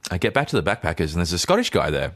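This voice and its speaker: A man in his thirties, from Australia, co-hosting a podcast and telling a story in casual chat, animated and full of stammered restarts. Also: deep voice, rapid-fire. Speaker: podcast co-host.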